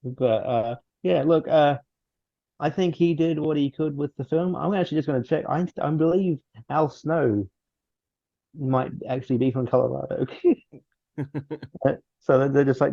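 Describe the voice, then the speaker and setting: Gravelly man rambling through a movie review. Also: on the high side, fairly even intonation, moderate pace, mellow, dry recording. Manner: rambling with many restarts and laughs. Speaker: podcast co-host. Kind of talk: casual film review chat. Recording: dull dry lo-fi sound.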